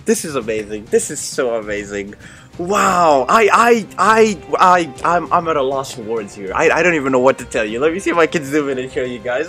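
A man's voice: medium pitch, brisk. Guy unboxing stuff, super gushy, keeps saying man and oh my god, trips over his words, faint music behind. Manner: gushing, repeats "man" and "oh my god", stammers when excited. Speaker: unboxing channel host. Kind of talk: excited unboxing vlog.

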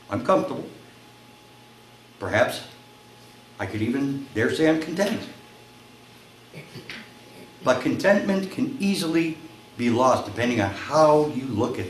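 A male pastor preaching a sermon, telling a story and acting out its voices, climbing to shouts at the high points. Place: church sanctuary. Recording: echoey church room, faint noise.

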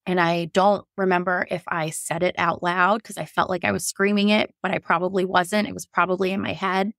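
A woman's voice: level tone, a little fast, gravelly, a bit bright, no room sound, clean studio sound. A woman in her thirties, a nurse, telling her own birth story as a podcast guest, candid and emotional, acting out what she said back then. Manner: emotional, acts out her own quoted lines with rising pitch.

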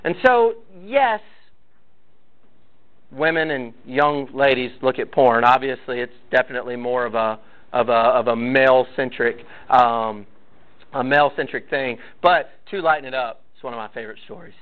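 A man's voice: mid-range voice, moderate pace. A man leading a church parenting class, talking casually to parents and telling stories with acted-out quotes. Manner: conversational, storytelling, acts out quotes. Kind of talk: casual teaching talk to parents. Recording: tinny phone-like sound.

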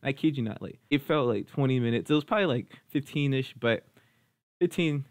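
A young man casually telling a funny story, animated and slangy, saying bro a lot. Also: mid-range voice, fairly quick, dry recording, studio quality.

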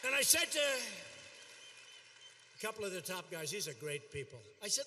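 An older man giving a rally speech, repeating himself and boasting as he shouts out to a crowd. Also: high-pitched, very animated, normal speed, pauses often. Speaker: politician at a rally. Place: large arena. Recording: long hall reverb from an arena.

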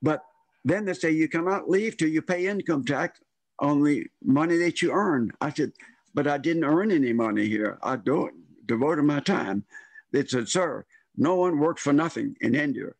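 A man's voice: fairly high pitch, expressive, normal speed, gravelly, no room sound. An older man telling a long personal story in a rambling way, acting out the voices of the people in it. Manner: rambling, acts out quoted voices. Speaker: storyteller guest. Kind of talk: casual storytelling.

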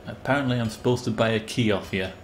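A man's voice: on the low side, fast talker, slight background noise. A man giving casual, rambling commentary while playing a game and reading its text aloud. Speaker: streamer.

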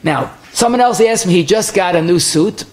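A rabbi in the middle of a halacha class talks. He moves quickly from one source to the next, stumbling and restarting as he goes. His speech is full of Hebrew and Yiddish terms. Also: high-pitched. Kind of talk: Torah lecture.

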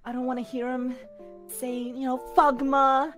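A man's voice: very high-pitched, flat delivery, measured pace, fairly bright tone, faint music behind. A man voicing a sleepy, teasing young Australian girl with an Australian accent.

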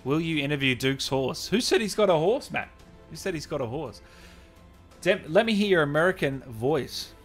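A man's voice: on the high side, animated, normal speed, faint music behind. A man hosting a gaming livestream interview, chatting casually, reading out viewer comments and laughing often.

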